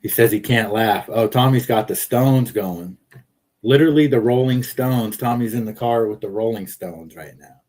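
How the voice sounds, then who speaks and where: A man's voice: on the low side, moderate pace, few pauses, a little mellow. A man hosting a casual livestream from his car, rambling and joking as he reads viewer comments aloud. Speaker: livestream host.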